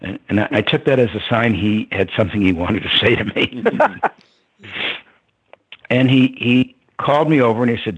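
An older man as an interview guest, telling a personal story in a reflective way, chuckling now and then and pausing on fillers. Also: fairly low pitch, husky, narrow, tinny audio.

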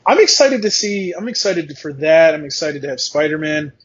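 A man's voice: on the high side, sing-song, moderate pace, muffled recording, slight background noise. A man co-hosting a casual podcast, eager and profane, often repeating what he says to others. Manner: enthusiastic, profane, quotes himself. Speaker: podcast co-host.

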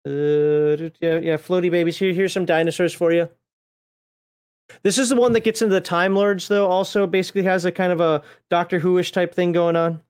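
A man's voice: high-pitched, fairly even intonation, normal speed, darkish tone, smooth. A man chatting casually as a streamer while paging through tabletop game books, rambling, swearing offhand and laughing at himself. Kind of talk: casual chat.

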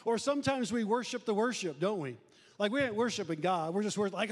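A middle-aged male pastor preaching a conversational sermon, animated and acting out church members. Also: sits high, fairly quick. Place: church sanctuary. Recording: long reverb of a church hall.

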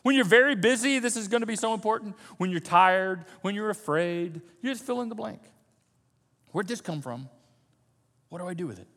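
A man preaching a sermon as pastor, animated, swinging from loud emphasis to soft, low asides. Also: normal speed, big-room sound. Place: church sanctuary.

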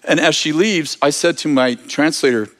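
A man telling a lively story in a sermon, laughing as he talks. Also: a little high, moderate pace.

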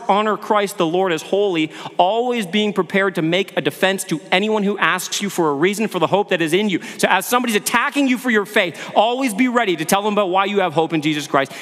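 A man's voice: high voice, a bit bright. A male pastor giving an earnest sermon, asking his listeners questions and often repeating words as he goes. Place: church sanctuary. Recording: long hall reverb.

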